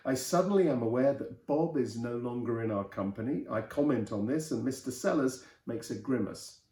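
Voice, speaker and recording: Mellow-voiced man reading a novel aloud. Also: medium pitch, normal speed, reverberant. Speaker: host and reader.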